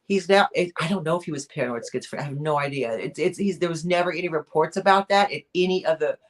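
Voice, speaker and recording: A woman's voice: low-pitched, fast. A woman co-hosting a weekly chat, telling a true crime story in a casual, rambling way, with lots of fillers and restarts. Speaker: co-host of a weekly chat show.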